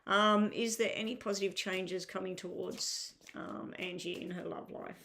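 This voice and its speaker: A woman's voice: mid-range voice, fairly even intonation, moderate pace, gravelly, sharp tone. A tired woman with a crackling voice doing a live-stream tarot reading, talking casually to viewers in chat and asking them to clarify their questions. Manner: chatty, asks viewers to clarify, filler-heavy.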